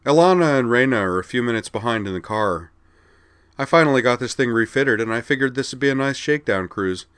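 A man's voice: medium pitch, lively intonation, a little fast, fairly bright tone, clean tone, no room sound, pitched above the performer's own voice, close to an everyday voice. A man reading a story aloud, voicing a blunt, wry adult male starship pilot and father in a slightly raised voice.

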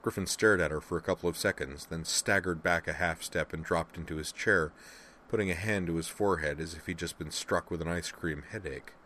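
A male narrator reading a novel aloud in a steady, even storytelling voice. His voice is very low, with a faint hiss behind it. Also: fairly quick. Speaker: audiobook narrator. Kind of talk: scripted narration.

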